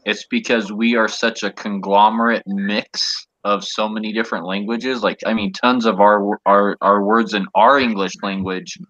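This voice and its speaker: A low-voiced man chatting casually as a guest, thoughtful and hesitant, with many fillers. The sound is dry and dull. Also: little pitch movement, normal speed, few pauses, fairly bright tone, dry recording. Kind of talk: casual chat. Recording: dull lo-fi audio.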